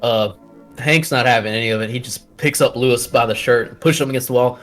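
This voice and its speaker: A man's voice: mid-range voice, steady tone, brisk, a bit bright, faint music behind. A man playing a tabletop game who describes his character's actions casually and laughs along with the others. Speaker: player.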